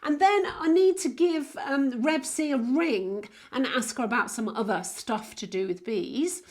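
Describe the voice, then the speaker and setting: A woman's voice: sits high, unhurried, few pauses. A woman minister hosting a children's show, talking in a playful, exclaiming way. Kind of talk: lively children's presenting.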